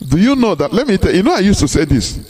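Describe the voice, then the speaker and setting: A man with a Nigerian Igbo accent addresses listeners in a live broadcast speech. His voice sits somewhat high, and he drives his points home with repetition and rhetorical questions. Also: sing-song, racing, darkish tone. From southeastern Nigeria. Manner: emphatic, repeats words and rhetorical questions. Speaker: activist broadcaster.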